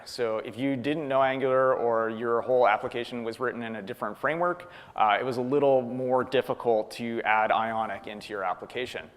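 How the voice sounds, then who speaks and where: A man from Canada speaking at a tech conference, casually answering audience questions with frequent ums and uhs. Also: mid-range voice. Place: conference hall. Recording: long hall reverb.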